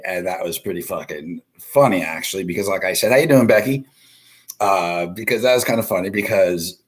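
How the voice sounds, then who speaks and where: A man hosting a live stream, telling a rambling, profanity-heavy story and greeting viewers in chat as he goes. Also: sits low. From South Florida. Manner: profane, animated, greets chatters mid-story.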